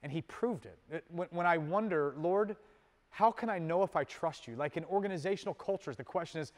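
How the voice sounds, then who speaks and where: A male pastor delivers a sermon with a fairly high voice. He swings from loud, emphatic peaks to soft, intimate asides, keeping a casual, conversational manner. The sound carries a long hall reverb, as in a church sanctuary. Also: animated. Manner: conversational, with casual fillers and quick laughs.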